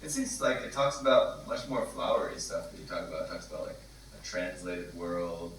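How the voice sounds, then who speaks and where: A man asking a question in a halting way, with many fillers. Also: low voice, slight background noise. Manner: hesitant, filler-heavy. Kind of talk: casual chat. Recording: echoey room from a distance.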